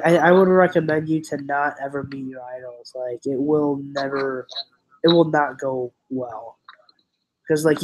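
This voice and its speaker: A young man hosts a casual livestream chat, rambling and giggling as he keeps restarting his sentences. His voice sits at a medium pitch, and the recording quality is poor.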